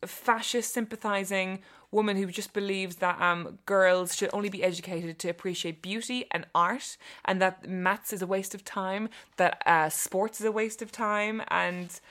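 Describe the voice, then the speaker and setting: A woman's voice: medium pitch, steady tone, normal speed, few pauses, fairly bright tone. A woman chatting enthusiastically about books as a guest, laughing often and gushing over favourites. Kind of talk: casual chat about books.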